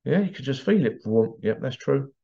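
A man's voice: mid-range voice, lively intonation, normal speed, gravelly, mellow, lo-fi sound. A man hosting a podcast in a casual, rambling monologue, digressing often and dropping in playful vocal sound effects. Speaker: podcast host.

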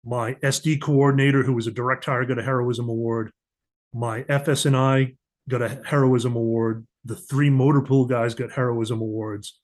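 In a casual storytelling interview, a middle-aged man who works as a diplomatic security agent speaks as a podcast guest in a mid-range voice at normal speed. He's an animated storyteller, voicing the lines of the people involved.

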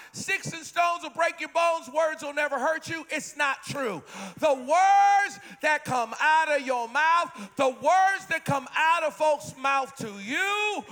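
A man in his fifties preaching a sermon in church, impassioned, repeating refrains and rising to shouted peaks. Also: extremely high pitch. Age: 50s. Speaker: pastor.

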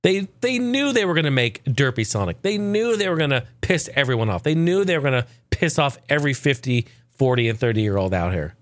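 A man's voice: mid-range voice, sing-song, a little fast, few pauses, dry recording. Profane ranting man, dry close sound. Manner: sarcastic, swears a lot, acts out quotes.

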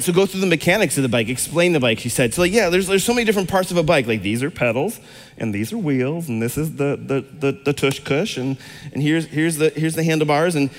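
A man's voice: fairly high pitch, in a large hall. A middle-aged man preaching a casual, interactive sermon to a congregation, chatty and rambling, full of fillers and questions to the crowd. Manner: chatty, rambling, lots of fillers and restarts, asks the audience questions. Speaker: pastor. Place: church hall before a congregation.

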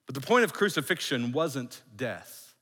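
A man preaching a sermon as a pastor, emphatic, repeating phrases and dropping to a hush for effect. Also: mid-range voice, very animated, unhurried, big-room sound. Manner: emphatic, with repeated phrases and dramatic hushed drops.

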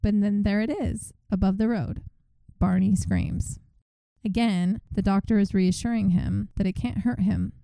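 Mellow-voiced woman telling a story. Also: mid-range voice, measured pace, creaky, dry recording, rough recording. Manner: animated retelling, reenacts quotes. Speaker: podcast co-host. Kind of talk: casual storytelling.

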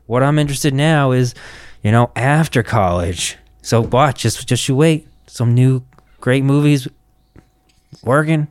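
A man in casual chat, telling stories in an animated, profane way. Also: medium pitch, unhurried, smooth, no room sound.

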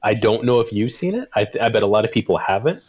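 A man co-hosting a casual chat, answering calmly. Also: lowish voice, fast, husky, highs cut off. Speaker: podcast co-host.

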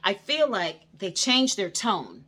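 Woman, host, personal storytelling, animated, mid-pitched voice, gets loud when quoting herself. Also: slow pace. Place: indoor studio under hot lights.

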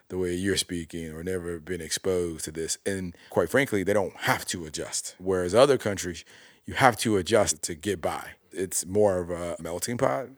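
A man's voice: low-pitched, no echo, studio quality. A man from the United States hosting a casual conversation, asking questions and giving thoughtful views.

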